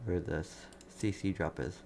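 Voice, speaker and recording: A man's voice: low voice, measured pace, vocal fry, darkish tone, slight background noise. A man hosting a live severe weather stream, giving urgent, repetitive warnings and answering viewers' chat. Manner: urgent, repeats himself, reads chat. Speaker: livestream weather host.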